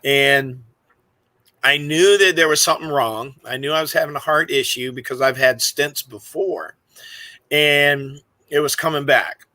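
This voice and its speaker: A man with a fairly high, bright, forceful voice, chatting casually as a podcast co-host. He tells long personal stories and laughs easily. His voice comes through dry and close on a video call. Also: a little slow, no room sound, poor audio. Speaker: podcast co-host and park ranger. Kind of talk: casual chat.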